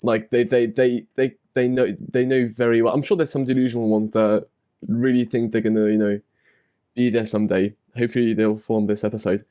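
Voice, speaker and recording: A man's voice: mid-range voice, little pitch movement, brisk, warm tone. A man hosting a podcast in casual conversation, often repeating words as he thinks aloud. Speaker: podcast host.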